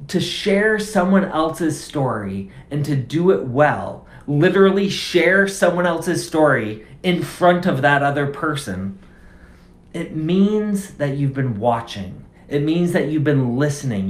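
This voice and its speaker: A man preaching a sermon as pastor, conversational and casual, driving points home through repeated phrases. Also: a little high. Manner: conversational, emphatic repetition. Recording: roomy echo.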